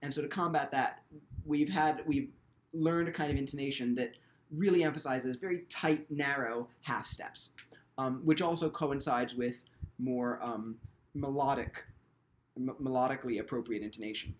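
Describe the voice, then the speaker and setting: A man's voice: mid-range voice, steady tone, moderate pace. A man teaching violin in an instructional video, speaking thoughtfully and often restarting his sentences with ums.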